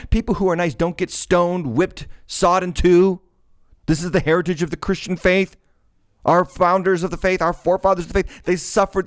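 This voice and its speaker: A man's voice: a little high, no echo, studio quality. A middle-aged man hosting his show as a pastor, preaching with emphatic, sarcastic, declamatory delivery. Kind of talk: preaching commentary.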